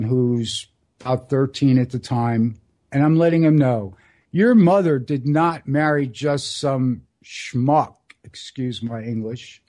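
A man in his sixties hosting a solo radio show, telling stories in a rambling, earnest way and slowing down for emphasis. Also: on the high side, a little mellow. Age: 60s. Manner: rambling, earnest storytelling with dramatic slow emphasis. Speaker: radio host.

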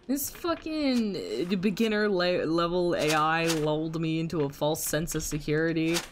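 Speaking at a moderate pace with lively intonation, this low-voiced woman streams a game and rants at her opponent, swearing as she talks to her chat viewers. There's slight background noise in this casual live-stream commentary.

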